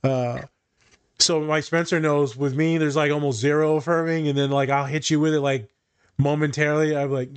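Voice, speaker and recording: A man's voice: a little high, fairly even intonation, normal speed, clear, resonant tone. Male therapist-host, casual and blunt, salty language. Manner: blunt and profane, tells client stories. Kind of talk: casual podcast chat.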